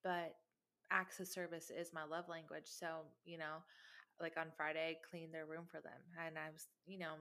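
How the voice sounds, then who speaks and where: A woman's voice: low voice, flat delivery, moderate pace, bright, forceful tone. A woman in her thirties chatting openly about her kids, candid and emotional, laughing as she tells stories. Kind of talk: casual chat.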